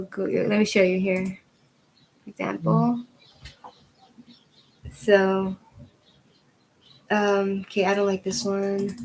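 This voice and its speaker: Woman vlogging at home, chatty and rambly, kinda breathless from stretching, mid-pitch voice. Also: darkish tone, a little hiss or hum, low-quality recording. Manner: rambling, chatty, laughs often, says "like" a lot. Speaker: tarot channel host. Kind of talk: casual chat while showing yoga moves. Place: at home with her dog.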